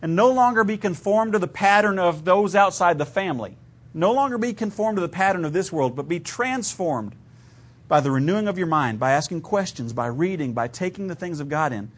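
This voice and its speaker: An Ohio man in his thirties, a pastor, preaches in a high, animated voice at a fairly quick pace. He tells stories conversationally, shifts his emphasis, and laughs at his own material.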